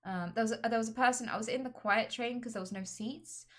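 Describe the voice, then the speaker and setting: A woman streamer in casual chat on a call, frank and chatty, with sudden loud blurts. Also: fairly high pitch, fast.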